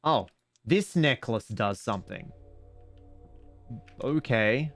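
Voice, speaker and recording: A man's voice: mid-range voice, animated, takes it slowly, faint music behind. A man streaming a mystery game, with casual, sarcastic, muttering commentary as he plays.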